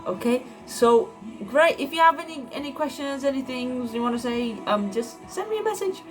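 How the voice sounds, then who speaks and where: A woman's voice: high-pitched, animated, moderate pace. A woman giving an informal devotional message, earnest and encouraging, often repeating words and using fillers as she speaks. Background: background music.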